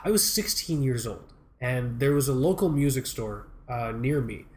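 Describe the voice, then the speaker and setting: Animated, swearing young man telling stories. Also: medium pitch, normal speed, slight background noise. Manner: animated storyteller, swears, laughs often, acts out quotes. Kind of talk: casual podcast chat.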